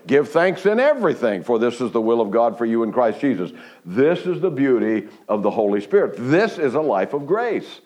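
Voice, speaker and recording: Male preacher, sermon delivery, mid-pitch voice, animated storytelling that climbs high when excited, frequent restarts. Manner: restarts and stumbles, laughs between phrases. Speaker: pastor.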